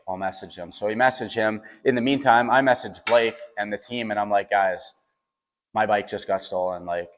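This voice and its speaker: A young man telling a personal story in a casual, animated way, with lots of fillers and quoted dialogue. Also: on the low side, a little hiss or hum.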